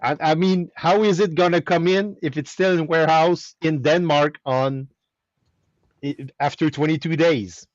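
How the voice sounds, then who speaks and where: A man's voice: a little high, unhurried, no echo, highs cut off. A man with a French Canadian accent, telling a story in a casual chat with many restarts. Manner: animated storytelling with repeated restarts. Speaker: host of a weekly chat stream.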